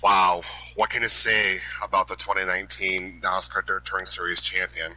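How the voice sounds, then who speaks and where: A man giving an emotional hall of fame induction speech, halting and restarting as he loses his train of thought. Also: low voice, level tone. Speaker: inductee presenter. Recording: loud background noise.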